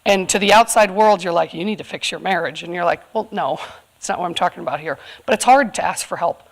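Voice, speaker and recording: A woman's voice: lowish voice, quick pace, vocal fry. A woman from California, in her thirties, speaking candidly and earnestly to a live audience, with frequent fillers. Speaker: community event speaker. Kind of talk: personal talk to a live audience.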